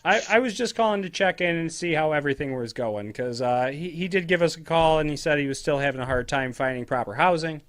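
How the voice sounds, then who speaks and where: A man's voice: on the high side, fast, few pauses, a bit bright. A man on a phone call, checking in with a hesitant, polite manner. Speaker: caller.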